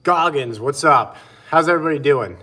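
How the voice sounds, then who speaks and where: A man's voice: on the high side, expressive, normal speed, bright, forceful tone. Chill guy streaming outside, just chatting w his viewers. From Pennsylvania. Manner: laid-back, answers chat by name. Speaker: livestream host. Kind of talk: casual live-stream chat. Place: outdoors.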